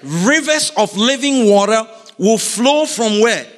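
High-voiced animated preacher in a hall. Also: male voice, measured pace. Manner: animated, questions the congregation. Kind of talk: sermon. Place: church. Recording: reverberant hall.

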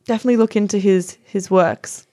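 Woman, casual podcast chat, keen but halting, lots of ums, mid-pitched. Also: mellow. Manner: enthusiastic, hesitant with ums. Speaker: podcast co-host.

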